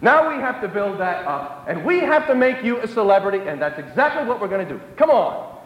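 Brief: man playing a coaxing, flattering woman selling fame, lively highs, echoey hall. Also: brisk. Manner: coaxing, flattering, brushes off questions. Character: pushy showy woman selling fame, middle-aged.

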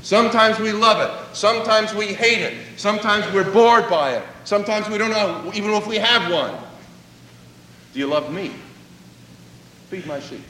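A man's voice: high voice, normal speed, few pauses, bright, forceful tone, slight background noise. A man preaching a sermon, telling a story and acting out its dialogue. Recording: echoey hall, voice from a distance.

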